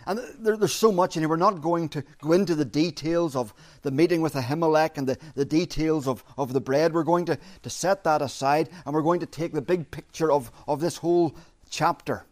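A man preaching an expository sermon, measured and emphatic, repeating his key phrases. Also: fairly high pitch, a little mellow.

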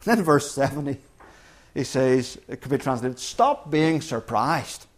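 A man's voice: mid-range voice, big pitch swings, a little slow. A man preaching a sermon in an earnest, emphatic way, restarting phrases and hitting key words hard. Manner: earnest, emphatic, with frequent restarts and sudden loud stresses.

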